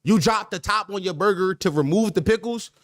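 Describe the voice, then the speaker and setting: A man's voice: high voice, brisk, dry recording, clean studio sound. A man hosting a podcast stream in casual chat, riffing with slang in a repetitive, joking, mock-sincere way. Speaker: podcast host.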